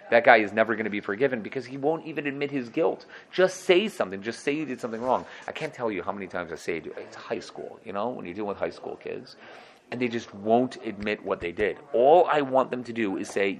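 A man teaching a casual Torah lesson at a quick clip. His voice sits on the low side, and he acts out his students' excuses in different voices and laughs at his own jokes. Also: lively intonation. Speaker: yeshiva teacher.

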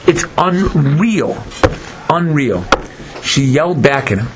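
A man teaches Torah in a dramatic, storytelling way, swinging his voice high and low as he acts out each figure. His voice sits fairly high and moves a great deal. The recording carries steady background noise and clicks. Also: takes it slowly. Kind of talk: animated Torah lecture.

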